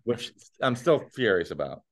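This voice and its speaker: A male podcast co-host talking in a casual, ranting way, blunt and sarcastic. His voice sits at an ordinary middle pitch, and he swears freely while he complains. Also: big pitch swings, normal speed. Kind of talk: casual food-review chat.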